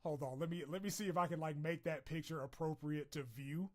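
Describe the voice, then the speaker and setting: On a live stream, a man chats casually with his viewers, swearing freely and laughing easily. He swings from loud outbursts to low mumbles, though his intonation stays fairly even overall.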